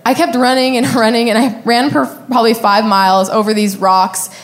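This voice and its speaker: A woman's voice: fairly high pitch, fairly even intonation, a little fast. A young adult woman casually telling a personal story, candid and profane, often laughing as she talks.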